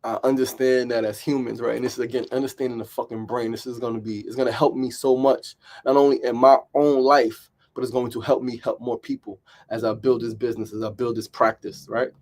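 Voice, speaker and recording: A man's voice: mid-range voice, level tone, fairly quick, few pauses, a little mellow. A middle-aged man hosting a motivational talk, emphatic and repetitive, often asking "right?". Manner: emphatic and repetitive, with frequent "right?" and mild swearing. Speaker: podcast host.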